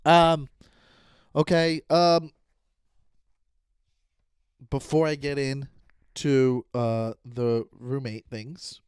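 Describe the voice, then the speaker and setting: A man's voice: mid-range voice, level tone, drawn-out words, long pauses, smooth, dry recording, clean studio sound. Exasperated comic man ranting. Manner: ranting, exasperated, acts out voices. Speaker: podcast host. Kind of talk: comic monologue.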